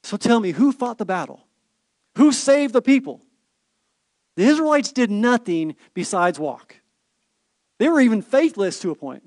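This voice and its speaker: A man's voice: sits high, normal speed, long pauses, no echo. Man, sermon, playful asides, dry close sound. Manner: animated storytelling, rhetorical questions, playful asides. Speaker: pastor.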